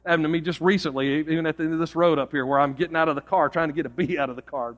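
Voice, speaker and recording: Earnest and very fast, a male pastor delivers a sermon with an illustration story, often going low and quiet to drive points home. His tone is steady, and the recording has its highs cut off.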